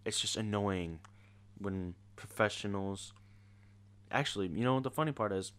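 A man's voice: on the low side, moderate pace, fairly bright tone, smooth. A teenage boy ranting casually in an exasperated, sarcastic way. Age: teens. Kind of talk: casual rant to camera.

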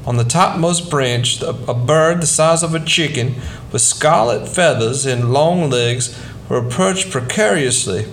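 A man reading a short story aloud in a soft, quiet, measured way. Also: a little high, slight background noise. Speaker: narrator.

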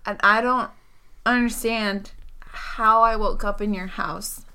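Woman voicing a groggy sore adventurer, bright clear tone, tabletop role-play, groaning now and then. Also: mid-range voice, fairly even intonation, takes it slowly. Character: sore, groggy young woman craving coffee.

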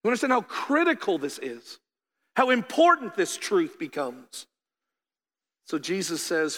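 A man preaches a sermon with a notably high voice. He is emphatic, pushing to loud peaks and then dropping soft and close. The sound carries a long hall reverb. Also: very animated, moderate pace. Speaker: pastor.

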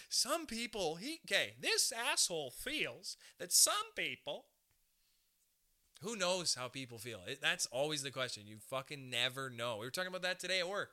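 A man's voice: mid-range voice, lively intonation, moderate pace, sharp tone. A young man hosting a podcast, rambling through a crude comedic monologue and laughing often. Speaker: podcast host.

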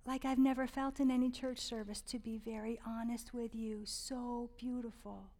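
Woman, higher voice, heartfelt rambling devotional parenting talk, long reverb tail. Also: little pitch movement, normal speed, dark tone. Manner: earnest and heartfelt, drops to a whisper on tender points; rambling, many fillers and restarts. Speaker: Christian parenting speaker.

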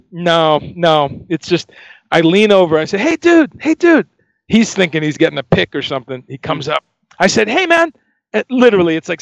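A man's voice: high voice, gravelly, dry recording. A man telling a story in casual chat, acting out the other people's voices as he goes. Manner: lively, acts out voices in quoted dialogue. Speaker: touring band crew member.

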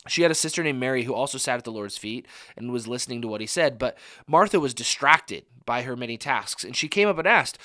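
A man's voice: medium pitch, lively intonation, fast, hardly any pauses, bright, forceful tone, dry recording. Earnest man preaching casually, dry sound. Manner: earnest, informal, frequent restarts and "like". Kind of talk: conversational sermon.

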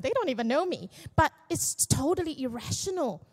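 A woman's voice: high voice, very animated, brisk, darkish tone, slightly rough. Candid, joking middle-aged woman pastor. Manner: candid, self-deprecating and joking. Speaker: young adults pastor. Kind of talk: personal testimony sermon. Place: church.

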